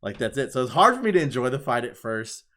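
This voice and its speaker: A man co-hosting a podcast in casual chat, excited, swearing freely and filling his talk with "like". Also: medium pitch, fast talker. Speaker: podcast co-host.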